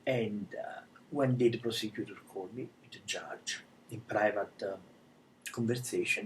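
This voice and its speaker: A man telling a dramatic personal story live in broken non-native English, often dropping to a hushed whisper. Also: lowish voice, normal speed, a little hiss or hum, rough recording. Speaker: life coach telling his story.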